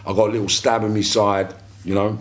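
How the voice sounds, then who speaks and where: A man's voice: lowish voice, level tone, fairly quick. A man, a podcast guest telling long casual stories in coarse street slang, with many restarts. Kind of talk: casual storytelling.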